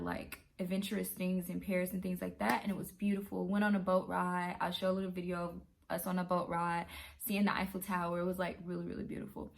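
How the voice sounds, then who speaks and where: A woman telling a true travel story in a casual, animated way, acting out her own reactions. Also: on the low side, creaky. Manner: animated, excitable retelling. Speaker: travel vlogger.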